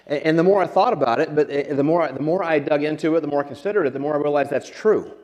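A man's voice: a little high, fast talker, a little mellow. A man preaching a sermon as a pastor, conversational with self-deprecating humor and frequent restarts. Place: church sanctuary. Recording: long church reverb.

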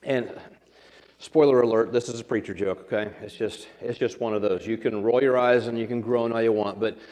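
Conversational pastor, echoing church. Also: male voice, medium pitch, steady tone, a little fast, darkish tone. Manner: conversational, self-deprecating humor, frequent restarts. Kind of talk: sermon. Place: church sanctuary. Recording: long church reverb.

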